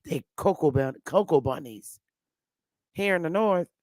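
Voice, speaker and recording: A woman's voice: sits low, expressive, a little slow, a little mellow, no echo. A woman hosting a live stream, ranting in blunt, brash commentary. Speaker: livestream host.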